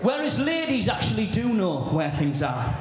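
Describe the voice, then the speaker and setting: A brash comedian working a live crowd, swearing and shouting his punchlines. His voice runs very high and lively. The sound booms around a very echoey venue. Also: moderate pace. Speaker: stand-up comedian. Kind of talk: stand-up comedy routine.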